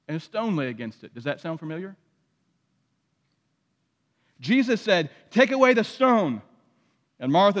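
A man preaching a sermon as pastor, reading scripture aloud with dramatic emphasis. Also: sits high. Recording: long hall reverb.

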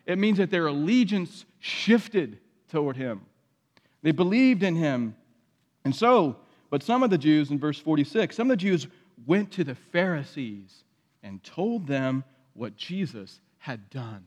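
High-voiced male preacher in a reverberant hall. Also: a little slow. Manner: expressive scripture reading with dramatic emphasis. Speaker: pastor. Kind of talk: sermon.

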